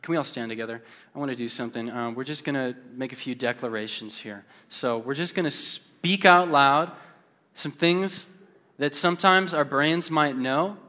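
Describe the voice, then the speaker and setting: Man, preacher, casual sermon, mid-pitched voice, echoing church hall. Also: moderate pace, sharp tone. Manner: conversational, lots of fillers, playful then earnest. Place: church sanctuary. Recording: long hall reverb with faint music.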